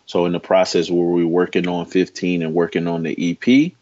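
This is a man with a very low voice, talking casually as an interview guest and leaning hard into his storytelling. He sounds like he is in his forties. The recording is dull and a bit lo-fi. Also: fairly quick. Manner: emphatic, animated storyteller.

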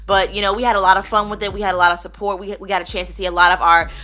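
A woman's voice: mid-range voice, little pitch movement, racing, pushed and bright. A woman co-hosting a radio show, chatting in an upbeat, friendly way and readily agreeing with her co-host. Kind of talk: casual radio chat.

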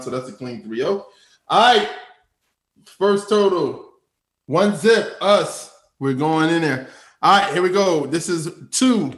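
A man hosting a casual music show, relaxed and slangy, laughing easily. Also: on the high side, echoey room. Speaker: show host. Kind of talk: casual chat.

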